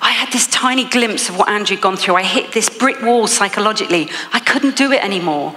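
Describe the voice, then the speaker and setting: A woman's voice: medium pitch, brisk, sharp tone, in a large hall, a little hiss or hum. A woman with an English accent giving a motivational keynote speech, telling a story with frequent laughs. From England. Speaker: motivational speaker.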